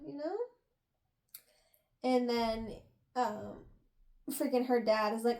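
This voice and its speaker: A woman's voice: fairly high pitch, lively intonation, slow pace, pauses often, a little mellow. A young woman casually recapping a novel's chapters, acting out the characters' lines as she retells the plot. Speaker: book review podcast host. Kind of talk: casual book recap chat.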